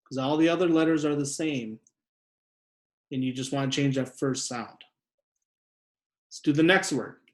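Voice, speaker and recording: A man teaching a spelling lesson to young children, saying each word slowly and repeating it with care. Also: mid-range voice. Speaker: second grade teacher. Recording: echoey room.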